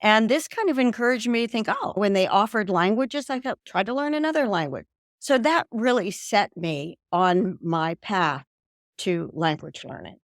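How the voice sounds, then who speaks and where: A woman's voice: mid-range voice, animated, a little slow, dry recording, studio quality. An older woman from the American South, telling her story as an interview guest over a video call. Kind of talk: casual interview talk.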